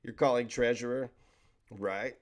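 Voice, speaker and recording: Man, stream host, loose joking banter, repeats and restarts words, middle pitch. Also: fairly even intonation, measured pace. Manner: rambling, joking, stumbles over words. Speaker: livestream host reading chat. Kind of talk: casual livestream chat.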